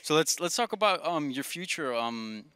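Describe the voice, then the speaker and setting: A man's voice: a little high, animated, moderate pace, bright, forceful tone, dry recording. A man interviewing a fighter, friendly and easygoing as he asks questions. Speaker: MMA journalist, interviewer.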